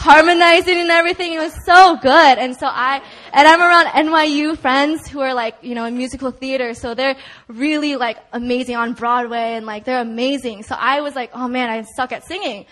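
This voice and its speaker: A young woman with a high voice tells her personal testimony at a church prayer meeting. She talks in a chatty, casual way, filling her sentences with "like" and "you know." She laughs often while she tells it. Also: fairly even intonation, brisk, a bit bright. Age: young adult. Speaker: church member giving testimony.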